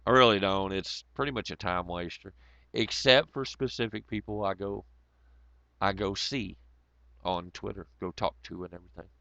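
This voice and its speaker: A man's voice: deep voice, moderate pace, vocal fry, bright, forceful tone, no echo, dull audio. A man ranting in a rambling, profane way on a casual livestream, breaking into laughter often.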